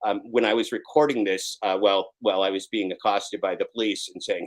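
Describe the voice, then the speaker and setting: A man in his fifties, a guest in a live online interview, talking intensely and swearing, at times rising to a shout. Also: lowish voice, steady tone, brisk, poor audio. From Oregon. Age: 50s.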